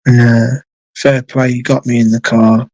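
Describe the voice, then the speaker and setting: A man's voice: medium pitch, flat delivery, a little slow, darkish tone, no echo, lo-fi sound. A man telling a long personal story on a live stream in a casual, rambling way, swearing freely and repeating himself.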